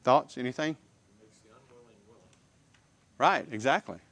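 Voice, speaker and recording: A man preaching a sermon, emphatic and animated, with repeated phrases and questions to the congregation. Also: mid-range voice, slow pace.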